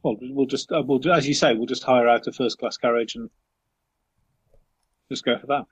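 A man's voice: medium pitch, fairly even intonation, moderate pace, slightly rough, no room sound. A man playing in a tabletop game, talking in a rambling, jokey way. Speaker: player. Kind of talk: casual tabletop chat. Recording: dull lo-fi mic.

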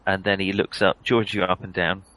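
A man runs a tabletop game and narrates the scene in a halting way, full of fillers and restarts. His voice sits slightly low and has a bright, forceful tone. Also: little pitch movement, poor audio. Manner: hesitant, many fillers and self-corrections. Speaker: game master.

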